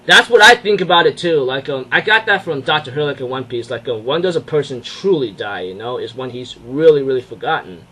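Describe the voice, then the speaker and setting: A young man giving a casual anime episode review, excitable and rambling, with many fillers and restarts. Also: mid-range voice, brisk, few pauses, breathy edge, poor audio.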